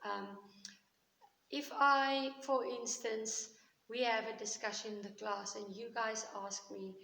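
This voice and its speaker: A woman's voice: on the high side, steady tone, takes it slowly, vocal fry, fairly bright tone. A woman teacher giving a grammar lesson to children, explaining patiently step by step and checking in often. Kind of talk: recorded classroom grammar lesson. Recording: echoey room with long reverb and faint hiss.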